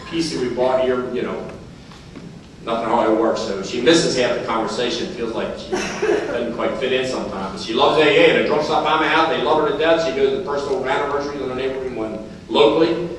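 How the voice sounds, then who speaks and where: A man's voice: mid-range voice, fairly bright tone, slight background noise. Older man, folksy storyteller in echoey hall. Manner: folksy, repeats phrases, chuckles through stories. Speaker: recovery meeting speaker. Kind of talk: storytelling speaker's talk at a meeting. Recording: very echoey hall, heard from far off.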